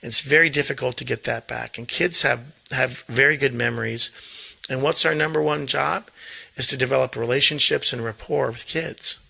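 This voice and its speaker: A man's voice: medium pitch, steady tone, moderate pace, creaky, bright, forceful tone, slightly rough, low-quality recording. A middle-aged man, a school principal, talking earnestly in an interview and often repeating words as he thinks. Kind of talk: casual interview talk.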